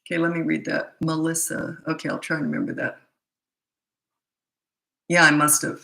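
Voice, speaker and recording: A middle-aged woman gives parenting advice in a blunt, brisk, opinionated way. Her voice is gravelly, bright and fairly low, and it echoes in a roomy space. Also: flat delivery. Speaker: parenting coach. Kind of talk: casual Q&A talk to camera.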